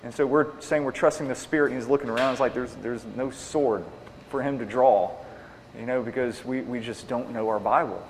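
A man's voice: medium pitch, fairly even intonation, brisk. A man answering audience questions on evangelism in an earnest, plainspoken way, restating each question before he answers. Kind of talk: Q&A talk. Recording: long reverb in a hall, faint noise.

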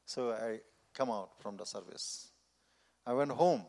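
A man, a missionary preacher, giving his personal testimony in earnest, halting, non-native phrasing. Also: medium pitch, creaky, darkish tone. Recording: long reverb of a large hall.

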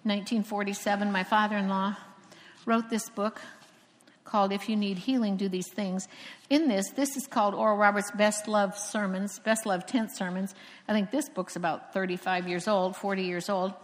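A woman from Florida preaching a sermon, telling stories with emphatic pauses. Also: mid-range voice, fairly even intonation. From Florida, USA. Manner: storytelling, emphatic with dramatic pauses. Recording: long hall reverb.

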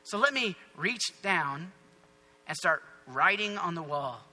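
A man's voice: sits high, animated, takes it slowly, pushed and bright, in a large hall, pitched below the performer's own voice, exaggerated voice. A man voicing an annoyed, casually grumbling God.

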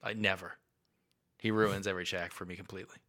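Bright, low-pitched podcast host. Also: male voice, flat delivery, fast talker. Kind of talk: casual podcast chat.

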